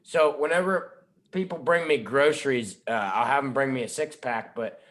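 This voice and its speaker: A man's voice: medium pitch, moderate pace, fairly bright tone. A man chatting casually and profanely on a podcast, joining by webcam. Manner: profane, joking. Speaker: podcast co-host. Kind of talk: casual chat. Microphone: video call webcam.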